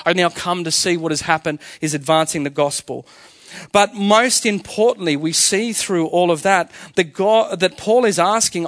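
A man's voice: sits high, a bit bright, no echo, studio quality. A male pastor preaching a sermon to his congregation, emphatic and full of rhetorical questions. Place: church.

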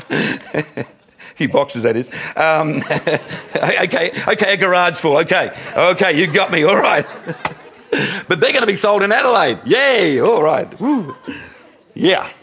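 A man's voice: high voice, animated, slow pace, pauses often, fairly bright tone. An older man preaching a sermon to his congregation, chatty and self-mocking, often laughing with the crowd. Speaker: pastor.

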